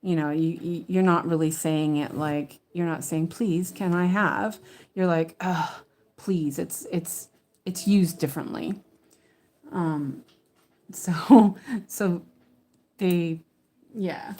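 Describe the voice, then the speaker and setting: A woman's voice: low-pitched, fairly even intonation, takes it slowly, pauses often, dark tone. A woman chatting casually at home as she stitches, rambling with many fillers and restarts and muttering to herself as she checks her work. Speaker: cross-stitch vlogger. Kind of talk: casual chat while stitching.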